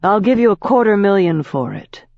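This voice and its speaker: A woman voicing a cold, smooth elf businessman. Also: medium pitch, lively intonation, normal speed, no echo, highs cut off, voice pushed up, natural voice. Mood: persuasive. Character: polished young male elf businessman, cold and calculating. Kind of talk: audiobook character voice.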